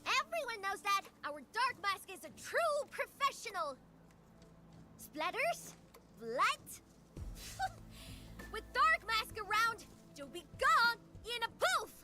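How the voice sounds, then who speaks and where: A woman voicing an excitable young townswoman in a video game, with a sing-song, theatrical, gushing delivery. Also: extremely high pitch, slow, pauses often, heavily acted. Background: loud game music.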